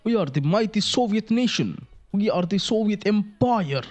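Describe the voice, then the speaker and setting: A young man voicing a proud, bombastic male Soviet patriot with a put-on Russian accent, proclaiming loudly. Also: high-pitched, expressive, moderate pace, faint music behind, voice pushed up. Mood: grandly proud.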